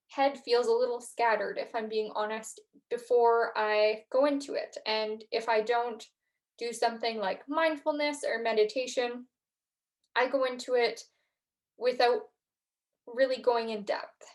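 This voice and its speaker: A young woman hosting a podcast, talking gently through reflection and a guided breathing practice, with frequent fillers. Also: on the high side, fairly even intonation, unhurried. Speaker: podcast host. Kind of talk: guided mindfulness talk.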